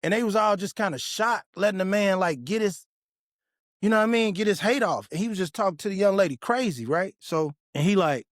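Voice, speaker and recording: High-voiced man telling a blunt story. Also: fairly quick, no echo, clean studio sound. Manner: blunt, profane, street slang; animated when retelling confrontations. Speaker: podcast host. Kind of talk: casual storytelling monologue.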